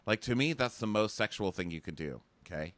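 A man's voice: on the low side, lively intonation, fairly quick, a bit bright, no echo. A young man co-hosting a casual recap chat, snarky, acting out people's lines in mocking voices. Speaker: podcast co-host.

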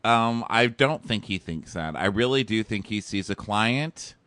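Sarcastic man with a lively low voice. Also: a little slow, dry recording. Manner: sarcastic, slips into mocking impressions. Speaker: podcast co-host. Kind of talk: casual recap chat.

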